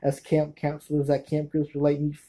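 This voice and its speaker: A man's voice: on the high side, monotone, fairly quick, warm tone, low-quality recording. A man casually reviewing his movie collection to camera, rambling, losing track of names and starting over.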